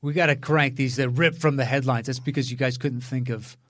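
Opinionated man, mid-pitch, dry close sound, casual chat. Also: steady tone, fairly quick, a bit bright, dry recording. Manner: enthusiastic, opinionated. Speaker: podcast co-host.

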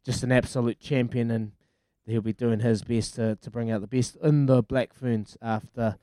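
A man's voice: mid-range voice, fairly even intonation, normal speed, mellow, dry recording. A man, hosting breakfast sports talk radio with upbeat enthusiasm. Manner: upbeat, enthusiastic, hesitant when thinking. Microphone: studio mic.

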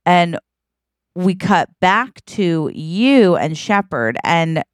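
A woman's voice: lowish voice, very animated, very slow, dry recording, studio quality. A woman co-hosting a podcast, telling an improvised comic story and acting out the characters' lines. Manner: acts out characters' quoted lines. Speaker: podcast co-host.

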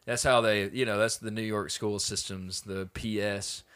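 A man with a bright, forward voice tells a history story as a podcast host, loose and jokey, laughing and cursing as he goes. His delivery is casual and conversational. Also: on the low side, fairly even intonation, moderate pace, clear, resonant tone. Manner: laughing, swearing, loose and joking.

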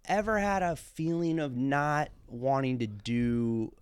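A man's voice: medium pitch, lively intonation, slow, smooth, no room sound, studio quality. A man co-hosting a casual podcast, rambling and self-deprecating, often trailing off into a mumble. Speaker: podcast co-host.

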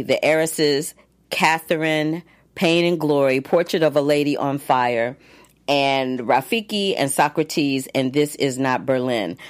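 Woman, low voice, casual entertainment chat, fillers and restarts, reading nominee lists. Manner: chatty, lots of fillers and restarts; reads long lists of nominees. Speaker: entertainment news host; actress.

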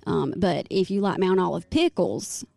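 A woman's voice: on the low side, normal speed, gravelly, darkish tone, no echo. A woman from North Carolina with a Southern accent, chatting casually as a podcast guest in a laid-back, drawling way. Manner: laid-back, drawling, uses y'all and ain't. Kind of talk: casual chat. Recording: remote call audio.

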